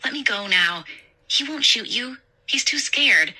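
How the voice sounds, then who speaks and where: A woman's voice: fairly high pitch, lively intonation, unhurried, sharp tone, pitched above the performer's own voice, full character voice, poor audio. A woman voicing a frightened young woman held hostage, speaking in a tense, pleading way in a spoken horror story.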